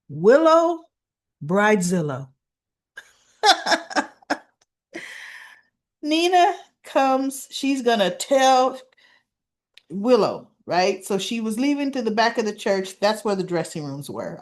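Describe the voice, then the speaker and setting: A woman casually recapping a soap-opera episode in a chatty, animated way. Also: mid-range voice, normal speed. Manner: chatty, animated retelling with laughs.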